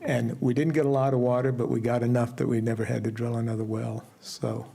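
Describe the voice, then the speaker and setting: An older man sharing a personal remembrance at a memorial service, telling stories in an unhurried way with asides. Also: medium pitch, little pitch movement, creaky, warm tone. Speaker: memorial speaker. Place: ashram gathering hall.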